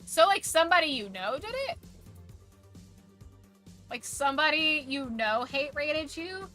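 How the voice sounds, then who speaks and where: Woman streamer, mild Southern accent, slightly hoarse, rambling talk full of fillers, bright, higher voice. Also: lively intonation, measured pace, soft background music. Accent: mild Southern American. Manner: rambling, many "like" fillers and restarts. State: voice going hoarse. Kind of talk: casual chat with live chat.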